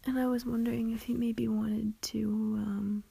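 A young woman speaks in a whispered role-play, soft and tender, reassuring the listener and giggling often. Her voice sits a little high, with a husky, breathy edge and a gravelly catch. She takes her time over every word. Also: little pitch movement, normal speed, poor audio. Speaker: ASMR performer.

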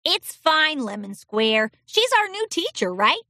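A woman's voice: high voice, big pitch swings, measured pace, sharp tone, no room sound, clean studio sound, pitched above the performer's own voice, exaggerated voice. A woman voicing a dreamy, easygoing young colt who speaks in a casual, reassuring way.

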